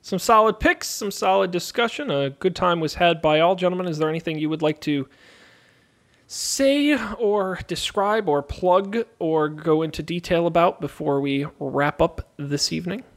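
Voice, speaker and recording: A man's voice: a little high, normal speed. A man hosting a tech podcast, joking with his co-hosts and running through the show plugs in a chatty way. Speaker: podcast host. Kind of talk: casual podcast chat.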